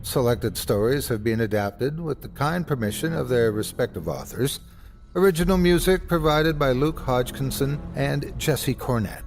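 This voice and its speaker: A man hosting a podcast and narrating a first-person horror story dramatically, swinging from hushed lines to cries. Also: mid-range voice, animated, moderate pace, soft background music.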